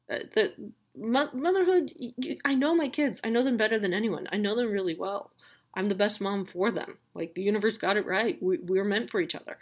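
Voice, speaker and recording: A woman's voice: mid-range voice, creaky. A woman in her thirties hosting a podcast, giving a candid, swearing, self-mocking pep talk to new mothers. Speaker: podcast host.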